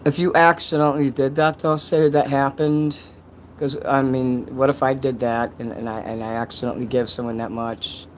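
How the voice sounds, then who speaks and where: A man's voice: medium pitch, little pitch movement, moderate pace, a little hiss or hum, poor audio. A man casually chatting on a livestream, reading donations and rambling with crude jokes and many restarts.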